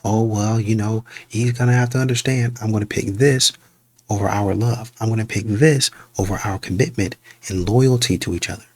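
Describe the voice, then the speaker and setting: A man's voice: fairly low pitch, steady tone, moderate pace. A man hosting a reaction video, reasoning aloud in a conversational way. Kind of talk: casual reaction commentary.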